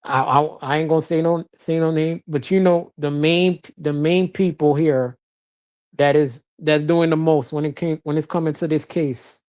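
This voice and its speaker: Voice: medium pitch, steady tone, normal speed, a little mellow. A live-stream host from Florida talking loosely and bluntly, laughing often and answering chat. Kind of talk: casual live-stream commentary, reading chat. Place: lives in Florida.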